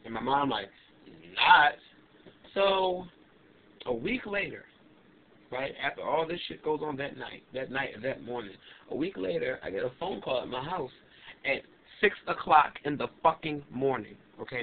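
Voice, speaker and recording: A young adult man vlogging, telling a story in an animated, emphatic and indignant way. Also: mid-range voice, normal speed. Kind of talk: casual ranting storytelling. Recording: tinny lo-fi webcam audio with faint hiss.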